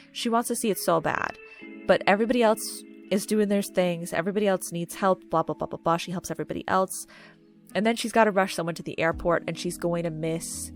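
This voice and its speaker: A woman chatting casually to camera while ranking movies, gushing and filling pauses with "um" and "like". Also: fairly low pitch. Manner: chatty, gushing, many fillers. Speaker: video creator ranking movies. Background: faint background music.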